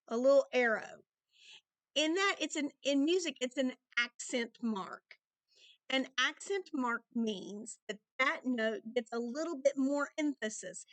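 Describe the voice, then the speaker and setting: Patient music teacher, high voice. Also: female voice, a bit bright, no echo. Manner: patient, counts rhythms aloud. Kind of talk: recorded music lesson for children.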